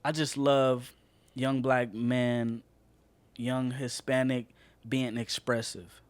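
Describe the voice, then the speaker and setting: A man's voice: mid-range voice, flat delivery, slow, no room sound. A man co-hosting a casual podcast, ranting passionately and swearing a lot. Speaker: podcast co-host.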